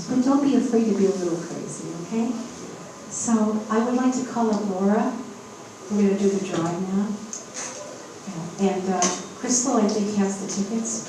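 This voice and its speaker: A woman's voice: mid-range voice, dark tone, a little hiss or hum. Woman, fifties, spiritual medium, live workshop, encouraging, emphatic, checks in with audience, distant mic, very echoey hotel event room.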